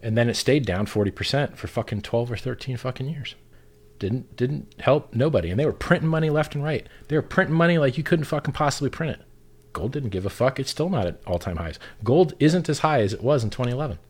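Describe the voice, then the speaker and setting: A man's voice: mid-range voice, expressive, fast talker. A man on a casual talk show, ranting bluntly and swearing constantly in a heated, profane way.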